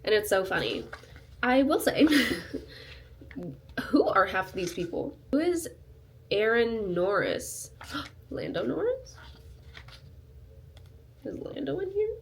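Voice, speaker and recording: Woman in her 20s, excitable reading vlogger, casual home recording. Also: a little high, slow pace, gravelly, pauses often, a little hiss or hum. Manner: excitable, chatty, full of fillers. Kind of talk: casual vlog chat.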